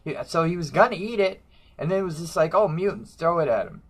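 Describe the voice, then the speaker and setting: A man's voice: fairly high pitch, sing-song, quick pace, breathy edge. A man ranting casually about comic books in a brash, profane, mocking way. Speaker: comic book reviewer.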